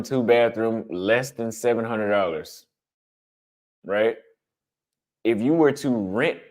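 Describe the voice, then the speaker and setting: A blunt, conversational man talking casually to his viewers. His voice sits a little low, and he leans on repetition to drive his points home. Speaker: travel vlogger answering chat. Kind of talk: casual livestream chat.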